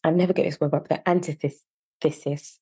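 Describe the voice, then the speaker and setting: Woman, Yorkshire accent, podcast co-host, low pitch, mellow tone. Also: normal speed, husky, dry recording. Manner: earnest, discursive, animated when riled. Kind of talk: casual chat.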